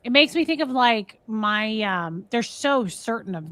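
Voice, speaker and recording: A woman's voice: a little high, unhurried. Chatty woman telling a story on a podcast. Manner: animated storyteller, acts out quoted voices, many fillers. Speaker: podcast co-host. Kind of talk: casual chat, storytelling.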